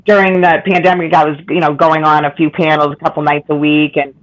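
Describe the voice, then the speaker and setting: Boston lady, raspy deep voice, talks super fast, laughs a lot. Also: level tone, rough recording. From Boston, USA. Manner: fast-talking, laughs easily. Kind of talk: casual chat.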